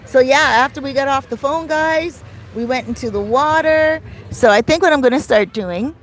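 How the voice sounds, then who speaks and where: A middle-aged Canadian woman with a Canadian accent, chatting casually on a beach livestream and reading viewer comments aloud. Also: medium pitch. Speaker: vlogger. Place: outdoors on a beach. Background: faint outdoor street noise.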